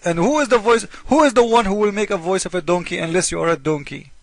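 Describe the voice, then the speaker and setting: A man's voice: high voice, fast, hardly any pauses, dry recording. Emphatic man lecturing. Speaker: video host. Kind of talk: argumentative video monologue.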